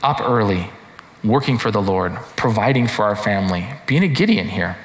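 A man's voice: lowish voice, expressive, moderate pace, a little hiss or hum. A man preaching a sermon in a conversational way, often checking in with rhetorical questions. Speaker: pastor. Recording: echoey hall reverb.

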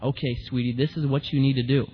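A woman's voice: extremely low pitch, steady tone, fast talker, husky, long reverb tail, lo-fi sound. A man voicing a mother giving her daughter firm, emphatic instructions. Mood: instructing. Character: bossy reassuring middle-aged mother.

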